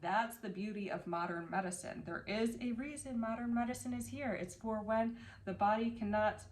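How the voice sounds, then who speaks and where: A woman's voice: a little high, normal speed, a little hiss or hum, poor audio. A woman who reads tarot, giving earnest advice to her viewers and often checking in with "okay?". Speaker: tarot reader and channel host. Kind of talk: casual advice talk to camera.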